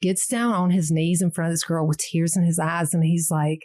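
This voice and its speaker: A middle-aged woman talks as a guest in a casual interview. Her voice sits a little low. She is earnest and tells stories, often saying "you know" as she goes. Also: little pitch movement, normal speed, hardly any pauses, darkish tone. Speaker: pregnancy center worker, guest.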